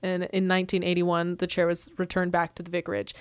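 A woman's voice: fairly low pitch, monotone, quick pace, clean tone, no room sound, clean studio sound. A woman co-hosting a podcast in casual chat, telling a story with lots of fillers and laughs. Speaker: podcast co-host.

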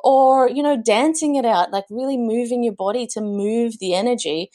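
A woman's voice: fairly high pitch, normal speed, dark tone. A woman, a guest talking earnestly about motherhood in a podcast interview, with frequent restarts. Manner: earnest, many restarts and fillers. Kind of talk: conversational interview.

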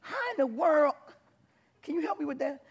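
A man preaching to a church congregation, animated, mixing shouts and laughter. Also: extremely high pitch, moderate pace. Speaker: pastor. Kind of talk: sermon.

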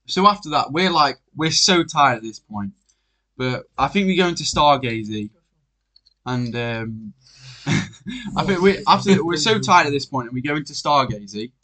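A man's voice: a little high, moderate pace. A young man, a podcast guest telling a story in casual chat and acting out what people said. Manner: animated, acts out quotes, laughs often.

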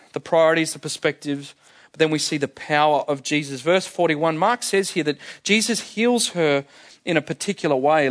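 A man preaching a sermon with a somewhat high voice. He explains scripture plainly, as if chatting with the congregation, and leans on repeated phrases to drive points home. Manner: emphatic, repeats key phrases for effect.

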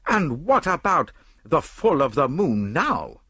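Male reader playing an earnest English gent, raised pitch, eager and emphatic. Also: wildly swooping pitch, a little fast, no room sound, full character voice. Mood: exasperated. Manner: eager, exclaiming. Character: earnest English gentleman, the detective's friend.

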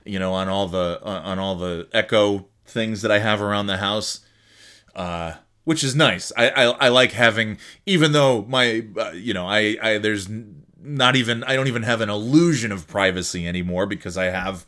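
A man's voice: on the low side, normal speed, sharp tone. A man hosting a solo podcast from home, chatting casually in a rambling, jokey, self-mocking way. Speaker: podcast host.

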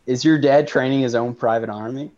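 Podcast co-host, man, mid-pitched voice, wry quick jokes, slightly dull recording. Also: fairly even intonation, darkish tone. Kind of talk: casual movie podcast chat.

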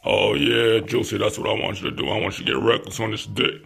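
A man's voice: fairly low pitch, steady tone, fast, gravelly, fairly bright tone, breathy edge. A man throwing rambling, boastful crude insults, a bit out of breath. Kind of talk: crude trash talk.

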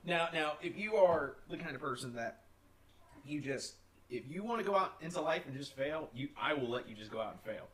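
A man's voice: on the high side, expressive, brisk. A young man co-hosting a casual podcast, telling a long story with many restarts and frequent laughter. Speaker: podcast co-host. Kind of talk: casual chat.

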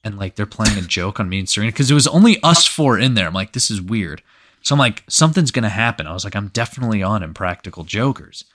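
A man's voice: on the low side, animated, fast, a bit bright. A man co-hosting a podcast. He tells a story in a rambling, casual way, full of "like" and freely swearing. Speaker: podcast co-host.

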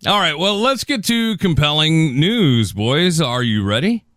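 A man hosting a casual talk show, animated and jokey, who often says "dude". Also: fairly high pitch, measured pace, no echo, clean studio sound. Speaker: podcast host. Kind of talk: casual chat.

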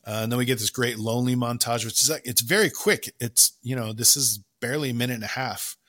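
Male podcast co-host, bright voice, enthusiastic film chat with quick acted-out quotes. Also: medium pitch. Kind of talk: casual film analysis chat.

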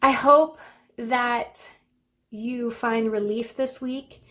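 A woman's voice: fairly high pitch, steady tone, very slow, a bit bright. A woman in her thirties hosting a motivational self-help talk, earnest and encouraging, with an occasional laugh. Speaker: podcast host.

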